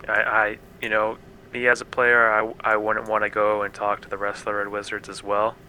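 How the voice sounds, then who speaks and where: A man's voice: fairly low pitch, monotone, brisk, pushed and bright, a little hiss or hum, rough recording. A man running a tabletop game, patiently talking a player through a situation with hedging and fillers. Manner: patient, reasoning, hedging with um and you know. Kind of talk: calm table talk.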